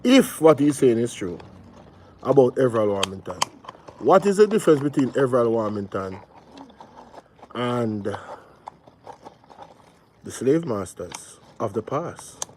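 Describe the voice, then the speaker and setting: A man's voice: mid-range voice, very animated, measured pace, long pauses, a little mellow, a little hiss or hum. A man with a Jamaican accent hosts a live reaction show. He repeats his points with emphasis and greets viewers by name between comments.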